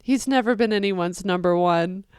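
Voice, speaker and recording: A young woman hosting a reaction video, talking casually and excitedly, swinging from loud outbursts to quiet asides. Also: mid-range voice, normal speed, smooth, no room sound, clean studio sound.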